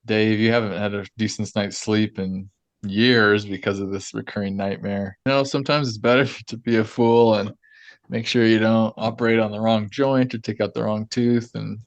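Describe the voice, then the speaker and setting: A man's voice: on the low side, steady tone, moderate pace, no room sound. A man hosting a podcast, telling a story in a chatty, loose way with lots of fillers and laughs. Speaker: podcast host. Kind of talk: casual chat.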